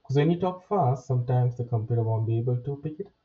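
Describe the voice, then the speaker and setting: A man teaching test preparation, explaining step by step and often checking in with a quick "right?". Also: medium pitch, expressive. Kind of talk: spoken lesson. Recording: distant, muffled, lo-fi sound.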